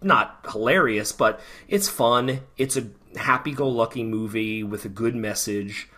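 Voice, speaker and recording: A man hosting a podcast, giving a measured, hedging opinion with many ums in casual discussion. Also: medium pitch, pushed and bright. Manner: measured, hedging, filler-heavy. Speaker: podcast host.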